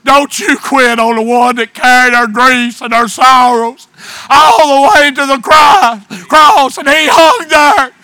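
A middle-aged man, a pastor preaching a fervent sermon with drawn-out words. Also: very high-pitched, sharp tone, dry recording. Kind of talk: shouted sermon.

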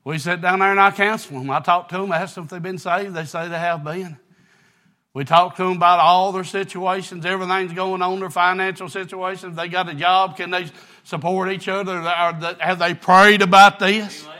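A man, preaching a sermon, telling a folksy story that builds into shouted preaching. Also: high voice, fairly even intonation, moderate pace. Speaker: pastor.

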